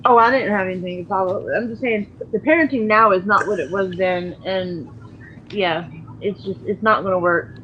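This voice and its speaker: A woman's voice: mid-range voice, normal speed. A woman calling in to a casual chat, speaking frankly and plainly. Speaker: guest caller. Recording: dull lo-fi call audio with faint noise.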